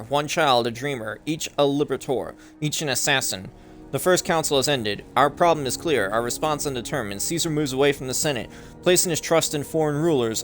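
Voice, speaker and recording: A man's voice: medium pitch, fairly bright tone. Man reading game text over music. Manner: reads slowly, stumbles and corrects himself, swears when confused. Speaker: gaming channel host.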